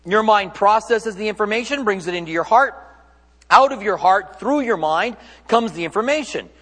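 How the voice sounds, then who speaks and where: A man's voice: sits high, normal speed, fairly bright tone, long reverb tail. A man delivering a sermon as a pastor in a church, speaking in a conversational, joking way and often correcting himself mid-sentence.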